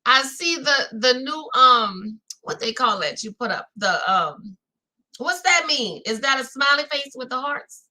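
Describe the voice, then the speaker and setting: A woman's voice: high voice, animated, unhurried, bright, forceful tone, rough recording. A woman with a New Orleans accent hosting a chatty live recap, talking straight to her viewers and reading out their chat comments. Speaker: reality-show recap host.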